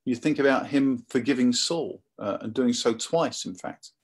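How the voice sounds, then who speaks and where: A man preaching a sermon in a conversational, animated storytelling manner. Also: mid-range voice, moderate pace, breathy edge.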